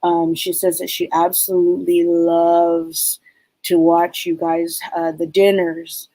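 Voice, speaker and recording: A woman giving a live spirit reading as a psychic medium, rambling and halting with many fillers. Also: lowish voice, level tone, warm tone, no room sound, low-quality recording.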